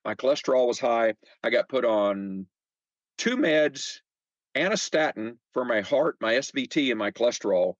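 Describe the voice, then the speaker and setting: An older man in his seventies talks casually as a podcast guest, his pitch rising and falling a lot as he acts out what people said. He stumbles over repeated words and fillers. The sound is dry and a little muffled. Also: normal speed, no room sound. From United States. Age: 70s. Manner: chatty, animated, acts out quoted remarks. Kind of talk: casual conversational storytelling.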